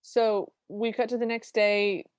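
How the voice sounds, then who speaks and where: A woman's voice: a little high, level tone, measured pace, clear, resonant tone, dry recording. A woman co-hosting a podcast, chattily recapping a film and quoting its lines. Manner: chatty, recounting plot with quoted lines. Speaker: podcast co-host. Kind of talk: casual recap chat.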